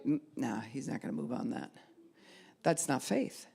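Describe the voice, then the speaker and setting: A woman pastor preaching a sermon, acting out quoted voices and dropping to a soft hush at times. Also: extremely low pitch, sing-song, a little slow, vocal fry, breathy edge.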